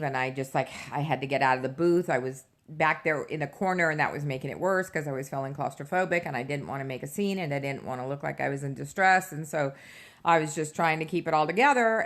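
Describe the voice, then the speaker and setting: A middle-aged woman with a strikingly deep voice tells a personal story straight to the camera. Her tone carries a gravelly fry, and she talks haltingly, filling gaps with fillers and restarting her sentences. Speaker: vlogger.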